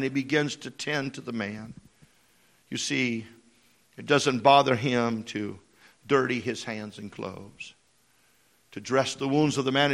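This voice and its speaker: A male preacher delivering a sermon, moving from quiet storytelling into impassioned appeals with repeated phrases. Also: mid-range voice, gravelly.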